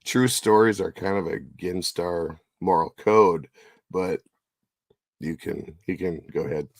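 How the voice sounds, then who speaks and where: A man with a very deep voice trades deadpan wisecracks on a casual podcast. The sound is dry and close. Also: unhurried, no echo. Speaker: podcast co-host.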